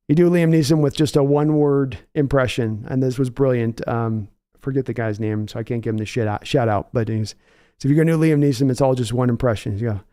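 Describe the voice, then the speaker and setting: A man's voice: medium pitch, warm tone, smooth, dry recording, clean studio sound. A man hosting a live sports reaction stream, reading chat messages and rambling thoughtfully with many restarts. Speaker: livestream host.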